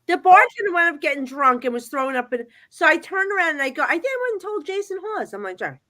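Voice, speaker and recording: A woman co-hosting a casual chat show, chatty and quick to chime in. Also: high voice, very animated, fairly bright tone. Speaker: podcast co-host.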